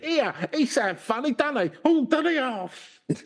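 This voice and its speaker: Brief: shrill barfly, gossipy and nosy, falsetto-high. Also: male voice, animated, measured pace, full character voice. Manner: squeaky, gossiping. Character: nosy high-pitched male London pub local.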